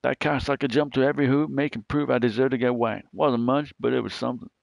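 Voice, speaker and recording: A gruff middle-aged mob boss with a shaky attempt at an Italian accent, as a man reads the game's lines aloud. The voice sits low with a gravelly edge, recorded close and dry. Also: fairly even intonation, fast, dry recording, dull audio, natural voice. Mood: grim. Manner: reading game dialogue aloud in character.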